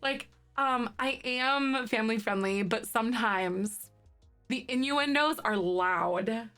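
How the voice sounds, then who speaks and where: A woman's voice: a little high, slow pace, a bit bright, faint music behind. A woman in her thirties chatting casually with viewers on a live stream, giggly and talkative and laughing often. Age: 30s.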